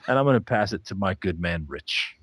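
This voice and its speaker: A man's voice: low voice, lively intonation, brisk, breathy edge, no echo. A man hosting a casual podcast, laid-back with dry humor as he reads out plugs. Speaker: podcast host. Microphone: new microphone.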